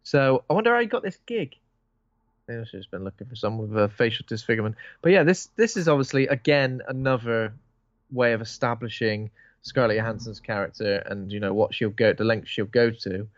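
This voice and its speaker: A man chatting casually about a film, jokey and quick to put on silly voices. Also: medium pitch, animated, no room sound, dull audio. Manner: jokey, slips into put-on Northern and Scottish voices.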